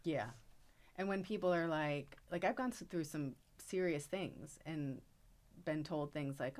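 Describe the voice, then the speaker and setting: A woman with a notably deep voice talks as a guest in a relaxed book chat. She is a mother who speaks in an earnest, reflective way. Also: measured pace. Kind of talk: casual book club chat.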